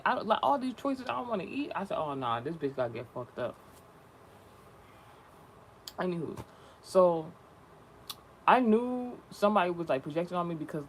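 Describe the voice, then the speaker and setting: A man's voice: high-pitched, slight background noise. A young man rambling casually and profanely in slangy vlog talk. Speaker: spiritual content creator.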